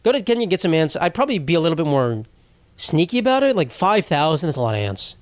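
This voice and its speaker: A man's voice: on the high side, big pitch swings, fast talker, no room sound. Rambling, cursing young man host, dry sound. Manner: rambling, profane, self-interrupting. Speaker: podcast host. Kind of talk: casual comedic monologue.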